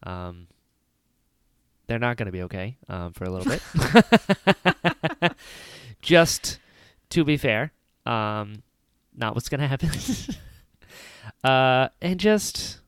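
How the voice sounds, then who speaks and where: A man co-hosts a casual film podcast with a smooth, resonant voice. He sounds animated and laughs often as he talks. The sound is close and dry. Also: mid-range voice, takes it slowly, long pauses, dry recording. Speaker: podcast co-host. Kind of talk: casual chat about a film.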